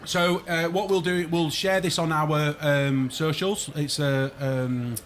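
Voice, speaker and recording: A man's voice: a little high, fairly even intonation, slow pace. A man co-hosting a casual podcast with old friends, teasing and steering the chat along. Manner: teasing, chatty, moves the talk along. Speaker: podcast co-host.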